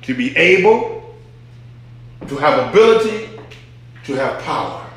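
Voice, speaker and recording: A male pastor teaching from the pulpit, repeating his key points with emphasis and asking his listeners to answer back. His voice sits a little high and moves slowly. It rings out in a strongly echoing church hall. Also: big pitch swings, a bit bright. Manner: repetitive, emphatic teaching with call-and-response. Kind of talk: sermon. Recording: very echoey hall.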